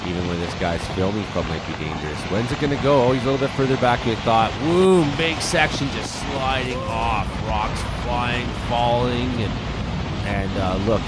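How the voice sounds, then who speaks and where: A man's voice: lowish voice, very noisy. Chatty man reacting to clips. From Canada. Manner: chatty, exclaiming, jokey asides. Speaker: weather show host. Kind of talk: casual commentary over video clips.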